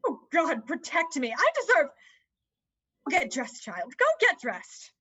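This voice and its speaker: A woman's voice: high-pitched, very animated, a little slow, pushed and bright, exaggerated voice. A woman voicing a flustered, fussing mother in an amateur online play reading, evasive and bustling. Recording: dull lo-fi sound.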